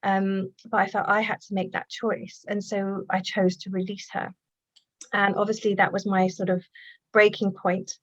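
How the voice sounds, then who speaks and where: Woman guest, reflective storyteller, muffled dry video-call sound, halting and earnest. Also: medium pitch, flat delivery, no room sound. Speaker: guest, healer and author. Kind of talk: personal storytelling in conversation.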